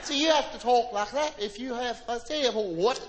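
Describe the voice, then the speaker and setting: A man's voice: extremely high pitch, sing-song, unhurried, background noise, heavily acted. A man putting on a haughty, stiff Englishman. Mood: pompous. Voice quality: prim, clipped, haughty. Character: stiff, pompous upper-class Englishman. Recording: live comedy show with audience laughter.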